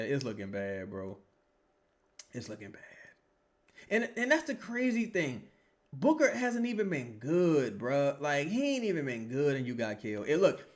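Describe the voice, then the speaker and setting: A man hosting a casual live stream, reacting to a basketball game with profane, heckling commentary and reading viewer comments aloud. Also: mid-range voice. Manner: profane, animated, heckling players. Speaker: sports livestream host.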